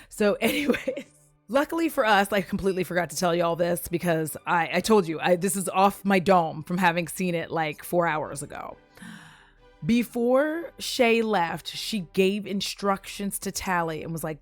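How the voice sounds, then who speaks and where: A woman casually recapping a movie, profane, giggly and animated as she tells the story. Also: mid-range voice, moderate pace, dry recording, faint music behind.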